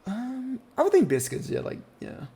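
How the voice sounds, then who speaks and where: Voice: mid-range voice, huge pitch swings, normal speed, vocal fry, mellow. A game master casually narrating a tabletop roleplaying scene with plenty of fillers.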